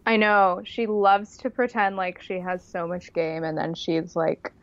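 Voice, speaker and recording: A woman's voice: lowish voice, little pitch movement, no room sound. Woman, podcast co-host, gossipy and agreeable, muffled dry recording. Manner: agreeable, quick backchannels, gossipy. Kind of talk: casual reality-TV recap chat.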